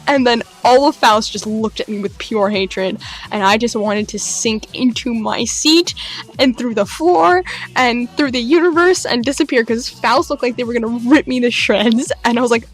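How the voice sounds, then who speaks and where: Animated young woman vlogger, slightly high. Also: normal speed, soft background music. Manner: animated, acts out quoted voices with big pitch jumps. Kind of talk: excited storytelling recap.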